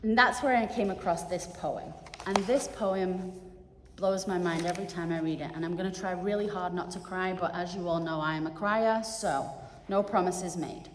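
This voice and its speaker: A middle-aged woman giving a personal reflection to a congregation, earnest and pausing as she searches for words. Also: lowish voice, a little hiss or hum. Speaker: guest speaker giving a reflection. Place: chapel. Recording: echoey chapel with long reverb.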